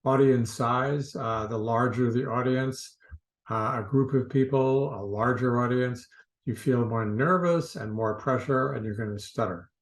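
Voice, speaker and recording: A man who works as a stuttering therapist, explaining in an unhurried way to camera with frequent filler uhs. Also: medium pitch, echoey room, poor audio.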